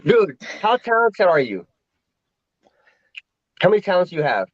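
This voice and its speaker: A man with an American accent chatting casually, rambling with halting restarts. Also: high voice, very animated, no room sound. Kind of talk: casual chat. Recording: dull dry lo-fi audio.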